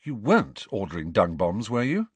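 A man's voice: fairly low pitch, wildly swooping pitch, moderate pace, slightly rough, no echo, full character voice. A man voicing an earnest teenage schoolgirl. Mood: friendly. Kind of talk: audiobook character voice.

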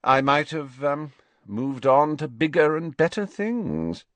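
A man's voice: fairly low pitch, sing-song, a little slow, dry recording, exaggerated voice. Male reader doing a haughty, sneering schoolboy, drawling and lofty. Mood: scornful. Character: sneering spoiled teenage wizard boy.

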